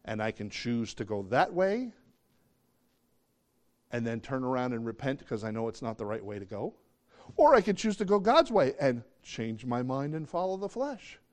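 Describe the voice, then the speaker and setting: A middle-aged male pastor preaching a sermon in an animated way, often acting out the voices of the people he quotes. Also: mid-range voice, normal speed.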